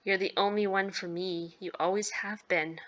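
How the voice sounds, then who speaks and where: A woman reading the lines of an obsessive, popular teenage boy from a game, in a slow, hushed and intense way. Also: mid-range voice, steady tone, lo-fi sound, natural voice. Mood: smooth. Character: handsome popular teen boy, obsessive, unsettling.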